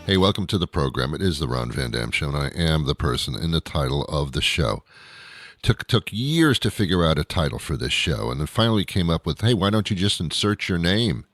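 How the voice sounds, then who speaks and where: A man's voice: very deep voice, big pitch swings, a little fast, fairly bright tone, no room sound, studio quality. A man hosting his talk show in a casual rambling monologue, sardonic and grumbling, with many fillers and restarts.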